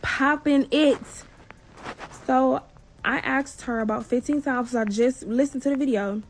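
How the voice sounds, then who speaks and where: High-voiced woman telling a wild story. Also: measured pace, slight background noise. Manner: animated, profane, acts out dialogue. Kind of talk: casual storytime.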